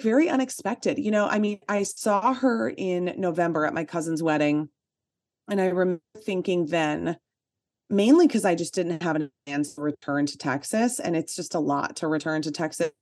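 A woman with a fairly low voice shares a personal story as a podcast co-host. Her talk is chatty and full of "like" fillers, with emphatic asides. The sound is dry and close, with no room echo. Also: moderate pace, a little mellow. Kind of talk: casual chat, personal storytelling.

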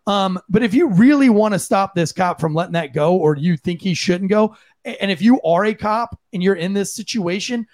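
Male podcast co-host, ex-cop, blunt profane rant, high-pitched voice. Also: moderate pace, darkish tone. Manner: blunt, profane, impassioned ranting. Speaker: podcast co-host, former police officer. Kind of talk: heated opinion commentary.

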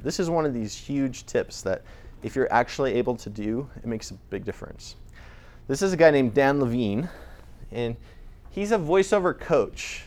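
A man's voice: medium pitch, a little mellow. A man presenting a casual talk to a small audience, speaking in a chatty, conversational way with frequent restarts. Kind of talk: casual lecture on voice recording.

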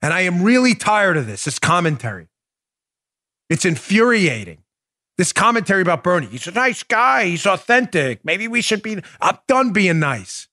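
A middle-aged male political host in a full-throated rant, his voice pushed very high and swinging wildly in pitch. He's blunt and profane and hammers the same short commands over and over. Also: sing-song, normal speed. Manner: shouting, repetitive, blunt and profane. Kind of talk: ranting political commentary.

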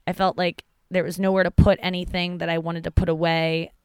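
A woman's voice: on the low side, little pitch movement, brisk, clean tone, dry recording. A woman hosting a podcast, talking frankly and emotionally in a rambling, profane monologue, close to tears at times. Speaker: podcast host and stand-up comedian. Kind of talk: candid personal monologue.

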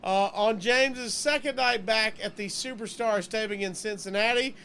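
Guy with a pretty high voice doing a jokey upbeat ad read on a podcast, bit of background hum. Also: normal speed, bright, forceful tone. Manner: upbeat pitchman, joking. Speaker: podcast co-host. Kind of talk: casual chat, live-read ad.

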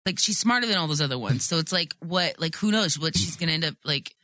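A woman's voice: low-pitched, lively intonation, fast, pushed and bright, dry recording. A woman chatting casually about anime on a podcast, joking and sarcastic.

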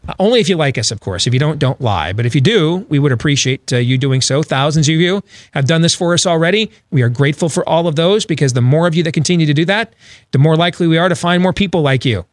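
A man's voice: fairly high pitch, lively intonation, fast talker, no room sound, clean studio sound. A man hosting a talk radio show, from Iowa, delivering wry, sarcastic asides between segments. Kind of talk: talk radio banter and monologue.

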